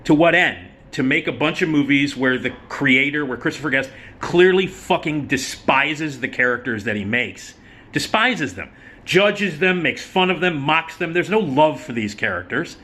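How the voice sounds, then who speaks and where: A man's voice: a little high, lively intonation, normal speed, pushed and bright. A man hosting his own show, ranting about comedies he dislikes in a profane, emphatic way. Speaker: host. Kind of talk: opinionated solo commentary.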